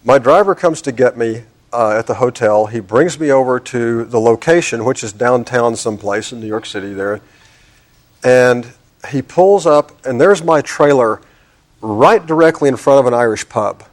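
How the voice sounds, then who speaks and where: A man's voice: medium pitch, animated, moderate pace. A middle-aged man with a drawl spins a long anecdote as a talk show guest. He acts out his own irritation as he goes. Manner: drawling storyteller, acting out exasperation.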